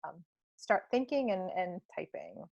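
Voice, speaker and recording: A woman's voice: mid-range voice, expressive, measured pace, gravelly, darkish tone, lo-fi sound. A young woman presenting a live webinar, answering questions with frequent ums.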